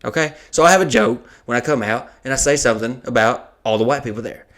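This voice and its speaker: Male comedian-host, mid-range voice, casual, swearing, lively storyteller. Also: medium pitch, fast. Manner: profane, animated anecdote-telling.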